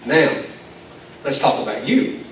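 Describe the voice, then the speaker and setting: A man's voice: mid-range voice, big pitch swings, slow, a bit bright. A male pastor, preaching a folksy, self-deprecating sermon and chuckling now and then. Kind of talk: conversational sermon. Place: church meeting in a school building. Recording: echoey hall, distant mic, faint noise.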